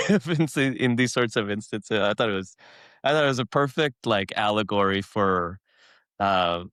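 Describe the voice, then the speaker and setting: A man's voice: fairly low pitch, moderate pace, clear, resonant tone, no room sound, studio quality. A man, a writer, talking as a podcast guest, laughing often as he tells stories. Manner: laughs often, animated storyteller. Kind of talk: casual conversational interview.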